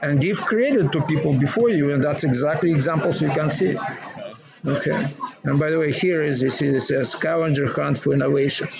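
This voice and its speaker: A man with a Russian accent, a former teacher talking casually, animated and laughing often, in broken English. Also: fairly high pitch, a little fast, gravelly. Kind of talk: casual conversation. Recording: dull sound with crowd noise.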